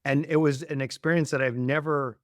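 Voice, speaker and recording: A man's voice: fairly high pitch, fairly even intonation, a little fast, no room sound, clean studio sound. A man hosting an interview podcast, talking reflectively and searching for words, often saying "you know" and "like". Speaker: podcast host. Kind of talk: conversational interview.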